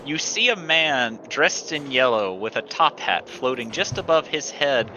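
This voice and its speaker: A man's voice: mid-range voice, animated, unhurried, bright, forceful tone. Man game master narrating a tabletop game. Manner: laughs through narration, restarts words. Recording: dull lo-fi stream audio. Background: background music.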